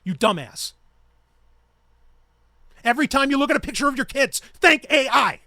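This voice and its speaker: Man, podcast host, high-pitched voice, heated profane ranting, dry close sound. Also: lively intonation, normal speed, bright, forceful tone, dry recording. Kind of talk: ranting solo podcast talk.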